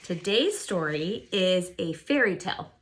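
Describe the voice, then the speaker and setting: A woman teacher reads a classic fairy tale aloud to young children, speaking in a friendly, encouraging way with frequent ums. Her voice sits a little low but sounds bright and forceful. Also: lively intonation, unhurried.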